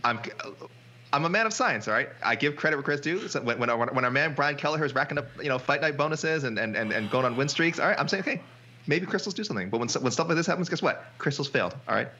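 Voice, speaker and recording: Brief: male podcast co-host, quick animated banter, bright voice, dull lo-fi recording. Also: mid-range voice, slight background noise. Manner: animated, joking, repeats himself. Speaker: MMA reporter and podcast co-host. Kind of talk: casual chat.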